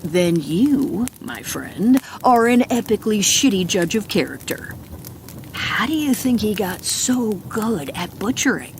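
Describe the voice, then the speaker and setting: A man's voice: sits high, sing-song, unhurried, full character voice. Lady doing a chatty joker guy, grumbly and reckless, audiobook voice, fire crackle in back. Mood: jokey. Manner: jokey, grumbling, talkative. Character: wisecracking grown man, reckless and chatty.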